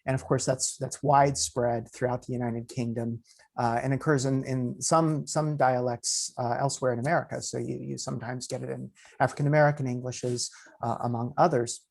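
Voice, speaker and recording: A man's voice: medium pitch, flat delivery, gravelly, a little mellow. A man on a webinar panel talking about language in an academic way, often repeating his first words. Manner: stammering repeated starts, measured. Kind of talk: academic discussion. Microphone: video call.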